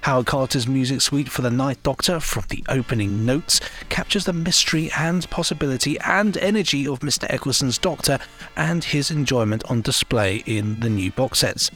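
A man's voice: medium pitch, moderate pace, fairly bright tone, faint music behind. A man co-hosting a podcast, talking in an enthusiastic, rambling, chatty way. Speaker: podcast co-host. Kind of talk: casual chat.

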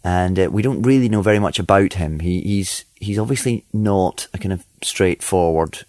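Scottish male actor, deep voice, umming and erring through an interview clip, dry booth sound. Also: moderate pace, darkish tone, no room sound. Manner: hesitant, many fillers, chatty.

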